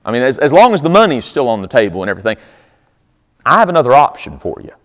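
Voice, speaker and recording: A folksy, wheedling prophet, as a preacher puts him on, making a sly deal in a lively voice. Heard in a big room with a long hall reverb. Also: male voice, medium pitch, quick pace. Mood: scheming. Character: greedy, scheming male prophet.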